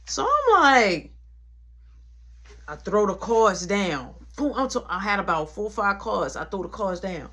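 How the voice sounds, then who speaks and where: A woman telling a long personal story in a casual, animated way, full of slang and punchy sound words. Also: medium pitch, measured pace, husky.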